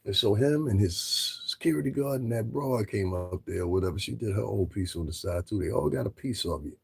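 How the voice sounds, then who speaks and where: A man's voice: lowish voice, lively intonation, fairly quick, vocal fry. A man commentating on a livestream in a blunt, profane, lecturing rant.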